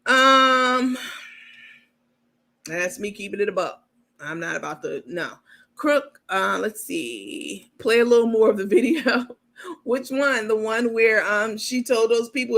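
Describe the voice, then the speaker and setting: Bright forceful lady on a live stream, blunt and cussing, reads chat comments out loud. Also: fairly high pitch, lively intonation, slow. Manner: blunt, profane and sassy, talking straight to viewers. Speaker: host of a live gossip commentary show.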